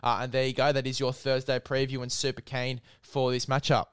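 A chatty man hosts a casual sports preview and talks to his co-host like an old mate. His voice is smooth and resonant. It is recorded dry and close. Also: medium pitch, monotone, a little fast, fairly bright tone, no echo. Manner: chatty, matey, plugs a sponsor with mock hype.

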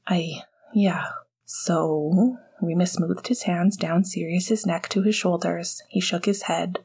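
Breathy low-voiced woman reading a story. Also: little pitch movement, normal speed, darkish tone. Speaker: audiobook narrator. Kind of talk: fan fiction read aloud.

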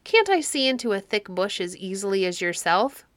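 A woman's voice: mid-range voice, big pitch swings, moderate pace, a bit bright, no room sound. A woman voicing a peevish, insistent old gray woman demanding her turn.

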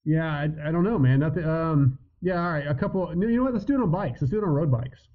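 A man's voice: a little high, lively intonation, fast talker. A man as a podcast guest, loose and hesitant, swearing casually. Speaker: guest, motocross media personality. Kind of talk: casual chat. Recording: phone-like remote line.

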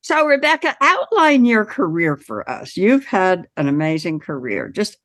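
A woman hosting an interview, chatting casually and sharing her own anecdotes in an expressive way. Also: lowish voice, measured pace. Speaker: host. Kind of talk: casual chat.

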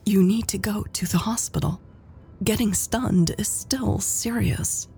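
A woman voicing a tender young woman who speaks softly, often in a hushed whisper, in an audiobook. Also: medium pitch, unhurried, gravelly, slightly rough, faint music behind, voice pushed up, exaggerated voice. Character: soft tearful young woman, tender lover.

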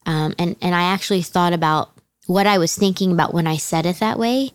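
A woman's voice: lowish voice, fairly quick, clear, resonant tone, no room sound. A middle-aged woman on her church's teaching team, talking candidly and with self-deprecating humor in a casual podcast conversation, laughing often.

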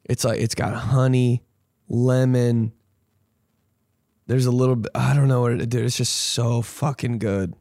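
A male comedian rants casually on his podcast, swearing freely and losing his train of thought. He keeps breaking into loud, high mocking voices. The voice sits at a middle pitch and is recorded close and dry, with no room sound. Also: steady tone, measured pace, gravelly, no room sound. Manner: profane, rambling, jumps into loud mocking voices.

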